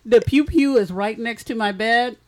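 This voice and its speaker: A woman's voice: on the high side, moderate pace, a little mellow. A woman co-hosting a podcast, teasing the others with dry quips. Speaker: podcast co-host. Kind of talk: casual chat.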